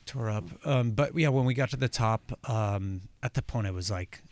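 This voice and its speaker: A man as a guest on a morning radio show, chatting in a relaxed, rambling way with lots of restarts. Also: lowish voice, normal speed, hardly any pauses. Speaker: guest musician and actor. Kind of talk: casual radio interview chat. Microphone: studio microphone, dry.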